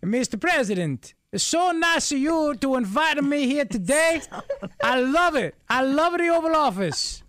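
A man's voice: extremely high pitch, very animated, a little slow, fairly bright tone, no echo, voice pushed up, full character voice. A man putting on a hammy Italian gusher. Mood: gushing. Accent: exaggerated Italian. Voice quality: singsong, ends lines with "eh?". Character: hammy Italian man gushing over food.

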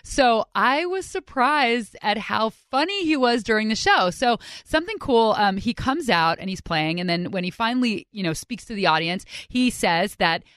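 A woman hosting a podcast, telling stories in an upbeat, chatty, animated way. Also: on the high side, moderate pace, hardly any pauses, smooth, dry recording, clean studio sound. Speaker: podcast host. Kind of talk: casual storytelling narration.

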